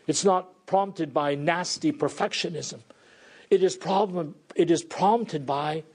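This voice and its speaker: A middle-aged pastor preaching a sermon in an earnest, pleading way. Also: male voice, a little high, slow, a little mellow, breathy edge. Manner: earnest, pleading, voices prayers and God's replies.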